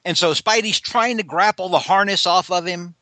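A man's voice: high voice, moderate pace, bright, forceful tone, no room sound. A man co-hosting a casual podcast, retelling a comic story and acting out the characters' lines. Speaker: podcast co-host. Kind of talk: casual chat recapping a comic.

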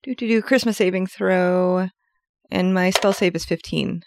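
A woman's voice: fairly low pitch, fairly even intonation, moderate pace, vocal fry, dry recording, studio quality. Casual woman playing a tabletop game. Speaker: player. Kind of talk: tabletop role-play.

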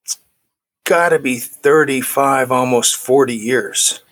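A man's voice: medium pitch, slow pace, a bit bright. A middle-aged man in his forties, a guest telling a personal recovery story, acting out the dialogue he quotes.

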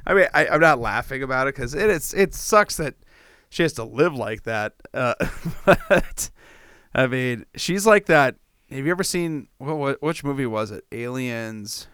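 A man's voice: medium pitch, animated, unhurried, a bit bright, clear, resonant tone, no room sound, clean studio sound. A man in casual conversation, laughing often and teasing his friend. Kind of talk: casual chat.

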